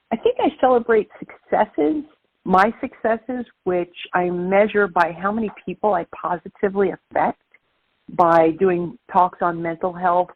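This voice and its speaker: A woman's voice: fairly low pitch, no echo. Emphatic Brooklyn woman on a phone line. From Brooklyn, New York. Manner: emphatic, motivational. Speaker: guest speaker. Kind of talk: phone-in interview. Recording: dry, tinny phone line.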